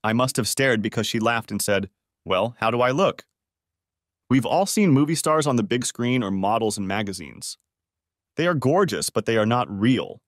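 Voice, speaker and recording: Man narrating a story with lively pitch. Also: moderate pace, no echo, clean studio sound. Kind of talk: first-person audiobook narration.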